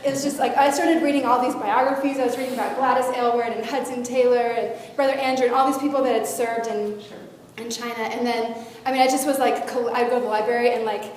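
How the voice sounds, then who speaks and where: Guest speaker, woman, lively storytelling, reverberant hall with faint noise. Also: fairly high pitch, quick pace. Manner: animated storytelling with lively shifts in loudness. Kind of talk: personal testimony to a youth audience.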